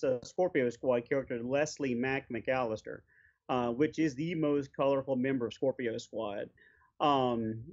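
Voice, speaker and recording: A mid-pitched male host leads a relaxed interview and rambles through his questions, often hesitating. His voice comes through dull and lo-fi. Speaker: podcast host. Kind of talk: casual interview chat. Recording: dull lo-fi sound.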